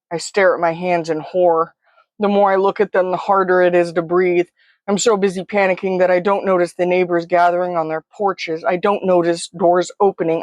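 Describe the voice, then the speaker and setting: A woman's voice: on the low side, darkish tone, dry recording. Woman narrating a story up close. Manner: close, vivid, present-tense retelling. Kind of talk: first-person story narration.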